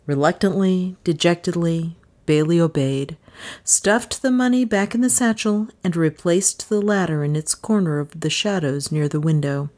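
A woman narrating an audiobook in a measured, even storytelling manner. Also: fairly low pitch.

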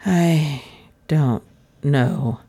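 A woman reading a storybook voices a dazed, injured man in a faint, halting whisper. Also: deep voice, darkish tone, slightly rough, full character voice.

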